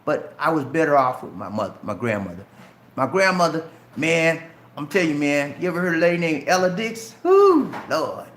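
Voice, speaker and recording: Speaking with a fairly high, slightly bright voice, this middle-aged Charleston man has a light Southern Geechee accent. The recording is reverberant with a little hiss or hum. He's on a live stream, answering viewer questions in a chatty way and talking straight to them as "man" and "bro."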